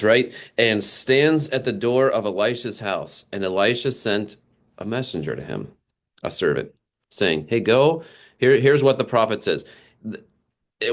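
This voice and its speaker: A man preaching a sermon, animated and acting out the people he quotes, with frequent small laughs. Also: on the low side. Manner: animated, acts out quoted characters, laughs often. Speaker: pastor.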